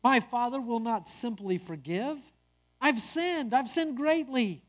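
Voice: medium pitch, slow pace, pitched above the performer's own voice, natural voice. A reader voicing a guilt-ridden youngest brother, earnest and anxious, in a told parable. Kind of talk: storytelling.

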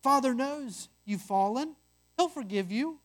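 A reader as the calm firstborn son. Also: high voice, measured pace, voice pushed up. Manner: calm and patient. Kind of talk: storytelling.

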